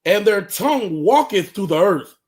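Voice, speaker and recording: A man reads scripture verses aloud, slowly and deliberately, pausing over the words. His voice is pitched high for a man. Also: animated. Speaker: scripture reader.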